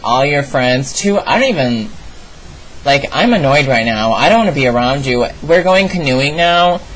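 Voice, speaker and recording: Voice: mid-range voice, a bit bright, breathy edge, rough recording. A young adult vlogger telling a story in an exasperated, sassy rant with plenty of asides.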